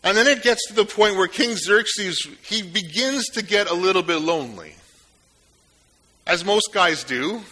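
A man preaching a sermon in a relaxed, conversational way, retelling a story with joking asides. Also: high voice, a little slow. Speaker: pastor.

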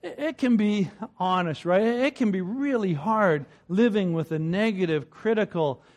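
High-voiced man preaching a chatty sermon. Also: normal speed. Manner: conversational, repeats words when starting phrases, chuckles between points.

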